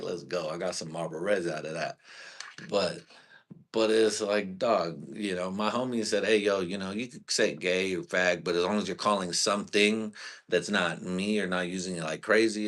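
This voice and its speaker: A man's voice: sits low, fairly bright tone. A man who hosts a comedy night, chatting casually on a live stream and telling rambling, profane stories full of slang. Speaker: stand-up comedian and show host.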